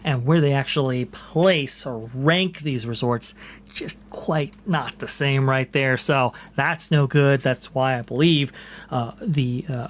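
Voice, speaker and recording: Over slight background noise, a podcast host with a medium-pitched voice reads posts aloud and chats casually. His talk is loose and filler-heavy, with "right here" coming up again and again.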